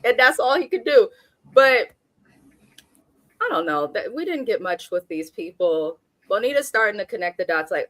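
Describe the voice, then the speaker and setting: A woman's voice: medium pitch, very animated, moderate pace, fairly bright tone, dry recording. A woman from Oakland, California giving a blunt, sassy recap of a reality TV episode in casual chat. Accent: African American Vernacular English speaker from Oakland. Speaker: reality TV review host.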